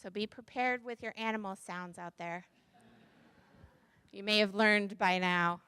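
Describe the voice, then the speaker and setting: A woman's voice: mid-range voice, measured pace, bright, forceful tone, smooth, no echo. A woman minister telling a playful children's story during a church service. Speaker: interim minister. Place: church sanctuary.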